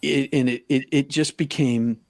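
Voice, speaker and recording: A middle-aged man telling a personal story in an interview, talking haltingly with many restarts. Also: mid-range voice, fairly even intonation, vocal fry, no echo, studio quality. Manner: halting, full of restarts, acts out quoted lines loudly. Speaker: podcast guest.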